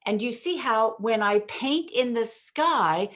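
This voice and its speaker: Female communication coach, podcast guest, emphatic pause-and-punch delivery. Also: fairly high pitch, animated, a bit bright. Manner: often addresses the host by name. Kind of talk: podcast interview, coaching explanation.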